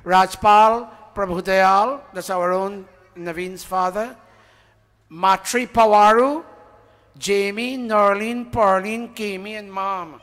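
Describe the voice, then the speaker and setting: Slow and fairly even in intonation, a man's high, fairly bright voice reads out donors' names to people gathered in a temple hall, with the room reverberating. The tone is casual and chatty; he checks with the audience and admits forgetting names along the way.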